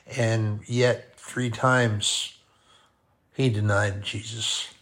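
A man preaching a sermon, deliberate and repeating key phrases for emphasis. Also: fairly low pitch, little pitch movement, fairly bright tone.

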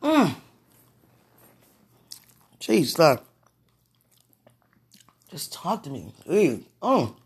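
Woman vlogger, gravelly and gushing, breaking into giggles and sudden exclamations while she talks to the camera and prays aloud. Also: sits low, big pitch swings, very slow, pauses often. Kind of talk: casual talk to camera and prayer.

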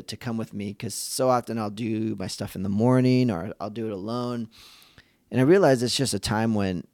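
A man's voice: fairly low pitch, a little mellow, no echo, clean studio sound. A man hosting a podcast for dads, talking in an earnest, reflective way, often restarting his sentences and acting out the voices of people he quotes. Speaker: podcast host. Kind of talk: casual reflective monologue.

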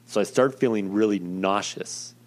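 Profane rambling young man, lowish voice. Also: normal speed. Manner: rambling, profane, self-deprecating. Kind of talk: casual personal storytelling.

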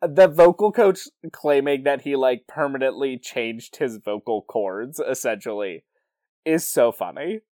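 A man's voice: mid-range voice, measured pace, darkish tone, no room sound, clean studio sound. A man co-hosting a podcast, giving blunt, exasperated opinions about a film in casual chat. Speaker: podcast co-host.

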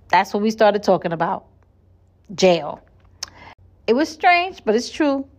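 A woman's voice: on the high side, sing-song, slow pace, pauses often. A woman hosting a solo podcast, talking in a chatty, earnest way and often restarting and repeating her words. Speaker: podcast host. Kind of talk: casual solo podcast monologue.

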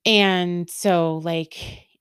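A woman's voice: lowish voice, steady tone, extremely slow, fairly bright tone, clear, resonant tone, no room sound, studio quality. A woman in her thirties hosting a podcast, talking openly and rambling in a candid personal monologue. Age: 30s. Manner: open, rambling, lots of fillers and laughs. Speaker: podcast host.

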